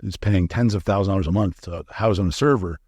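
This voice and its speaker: A man's voice: low-pitched, fast talker, darkish tone, husky, dry recording, studio quality. A middle-aged man as an interview guest, telling candid, profane stories and acting out the dialogue. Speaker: guest, supplement company founder. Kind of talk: casual interview storytelling.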